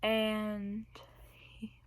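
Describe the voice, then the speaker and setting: A woman's voice: medium pitch, completely flat delivery, drawn-out words, a little hiss or hum. A young woman telling a personal story in a casual vlog, rambling and laughing between phrases. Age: young adult. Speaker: vlogger.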